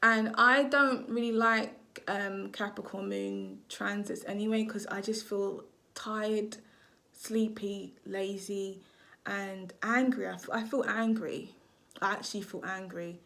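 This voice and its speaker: A woman's voice: mid-range voice, steady tone, slow, sharp tone. Rambling, foul-mouthed woman astrologer. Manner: rambling, swears freely, loses her train of thought. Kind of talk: casual astrology reading to camera.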